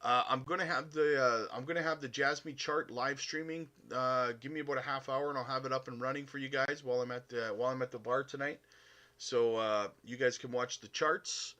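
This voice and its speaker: A man's voice: medium pitch, fairly even intonation, fairly quick, pushed and bright. A Canadian man hosting a casual crypto live stream, answering chat in a chummy, upbeat way with many fillers.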